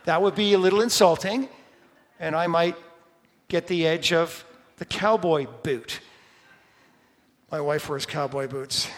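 A middle-aged man preaching a sermon, emphatic, rising to loud stresses on key words. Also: fairly high pitch. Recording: long hall reverb.

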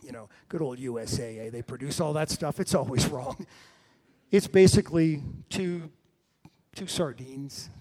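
A middle-aged man preaches a sermon at normal speed with a medium-pitched voice. He tells the story with lively swings between loud and hushed delivery.

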